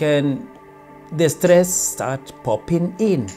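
Guy doing a self-help talk like a story, slightly high voice, acts out little lines, music playing behind. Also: slow, darkish tone. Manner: storytelling, briefly acting out everyday lines. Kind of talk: motivational monologue.

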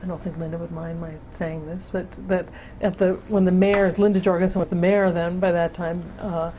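A woman's voice: lowish voice, flat delivery, moderate pace, warm tone, slight background noise. An older woman recounting memories in an oral history interview, telling her story with many restarts and fillers. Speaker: interviewee, sister-city project founder.

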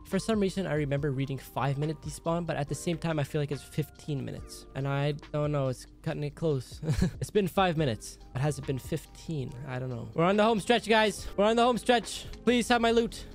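A man talks his way through a video game, anxious and excitable, egging himself on. His voice sits a little high for a man. Faint game music plays underneath his desk-mic commentary. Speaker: gaming channel host. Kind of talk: live commentary over gameplay. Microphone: desk microphone.

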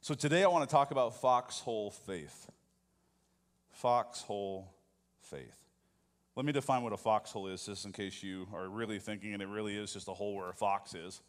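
A male pastor delivers a sermon in a relaxed, conversational way, often turning to the congregation with questions. His voice sits a little low. The sound carries a long, ringing reverb from a large church sanctuary. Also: fast talker, few pauses.

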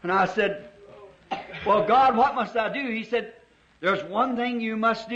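A fervent man of middle age with a high, ringing voice preaches and tells a story from the pulpit, leaning hard into the telling and drawing out the words that matter. The sound is dull and lo-fi, like an old sermon tape. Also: a crowd in the background. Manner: fervent, dramatic, slows down to stress words.

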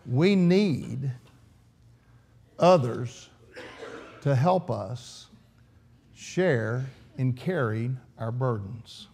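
A man's voice: mid-range voice, lively intonation, drawn-out words, creaky, long pauses, darkish tone, slightly rough. A man preaching an earnest, emphatic sermon in church, often restarting his phrases.

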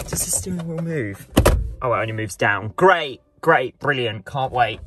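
A man's voice: mid-range voice, lively intonation, moderate pace, sharp tone, husky. A young man vlogging in a camp, sarcastic, jokey way. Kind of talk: casual comedic vlog.

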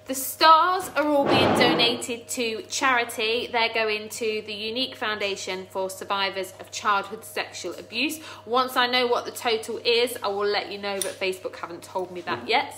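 A woman hosting a chatty live cooking stream from her home kitchen, bubbly and excitable. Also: on the high side, a little hiss or hum. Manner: bubbly, excitable, quick to laugh and tear up. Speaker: cooking livestream host.

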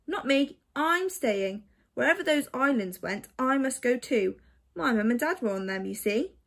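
A woman voicing an earnest, determined young boy with a high, eager voice in a storybook reading. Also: animated, unhurried, gravelly, a bit bright, exaggerated voice.

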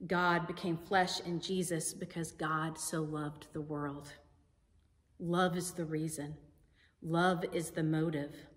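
A woman pastor preaching a sermon in a slow, deliberate, emphatic way. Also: low-pitched, level tone. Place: church sanctuary. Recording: sanctuary with long reverb.

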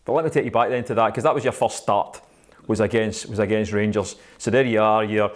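A Scottish man interviewing a former player, asking leading questions and teasing him gently. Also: lowish voice, fairly even intonation, fairly quick. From Scotland.

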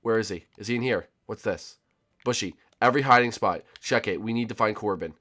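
A man hosting a gaming channel, giving excitable gameplay commentary and often repeating his words. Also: on the low side, a little fast. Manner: excitable, repeats himself a lot.

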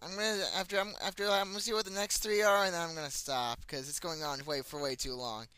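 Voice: medium pitch, steady tone, fast, sharp tone, smooth, no room sound. A playful gamer giving casual commentary and chatting goofily with characters in the game. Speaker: gameplay commentator.

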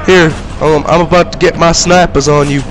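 A man voicing a cocky young male rival fighter who trash-talks in loud, brash shouts, in a comedic fan dub. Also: fairly high pitch, steady tone, normal speed, music in the background, voice pushed up, natural voice, poor audio.

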